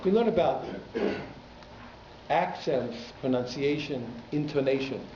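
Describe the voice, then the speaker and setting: Speaking slowly in a dark, expressive, medium-pitched voice, a male rabbi leads a casual Torah lesson for his congregation, teasing the listeners now and then in a conversational style. It was recorded in a synagogue hall that sounds echoey and a bit muffled, with some faint hiss or hum.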